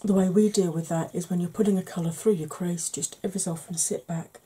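A woman hosting a soft-spoken makeup tutorial, chatty and explaining each step, tired and yawning. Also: lowish voice, steady tone, fast talker, breathy edge.

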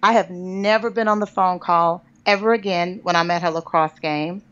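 A woman author, a podcast guest, telling a personal story in an animated, conversational way and calling listeners "girl". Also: lowish voice, moderate pace, clear, resonant tone. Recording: dull lo-fi podcast audio.

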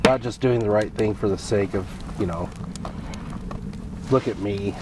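A man co-hosting a casual religious podcast, talking haltingly and slipping in dry joking asides, recorded outdoors. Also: fairly low pitch, recorded from a distance, background noise. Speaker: podcast co-host.

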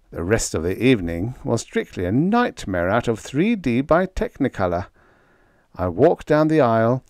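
A man narrating a humorous story in the first person, with a wry, deadpan manner. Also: medium pitch, no room sound, clean studio sound. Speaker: audiobook narrator.

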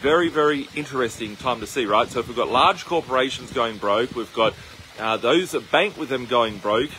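A man's voice: mid-range voice, moderate pace, sharp tone, a little hiss or hum, low-quality recording. A man with an Australian accent, talking casually to a handheld camera while he walks outdoors, rambling with lots of fillers and restarts. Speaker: investment channel host. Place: outdoors on his farm, walking.

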